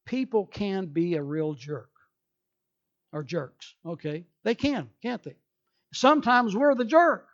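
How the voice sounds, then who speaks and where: A man's voice: sits high, animated, slow, muffled recording. A male pastor preaching a sermon emphatically, acting out people's excuses in quoted voices.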